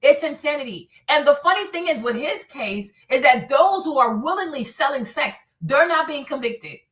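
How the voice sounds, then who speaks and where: Woman host, heated streaming rant, high bright voice, lots of swearing and repetition. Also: animated, normal speed. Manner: indignant, swears a lot, repeats phrases. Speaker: host of a streaming commentary show. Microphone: streaming setup mic.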